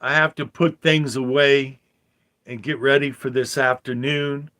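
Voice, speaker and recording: An older man giving a rambling religious commentary monologue, talking slowly with fillers and repeated phrases. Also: medium pitch, fairly even intonation, bright, forceful tone. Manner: slow, meandering talk with fillers and repeated phrases. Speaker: vlogger.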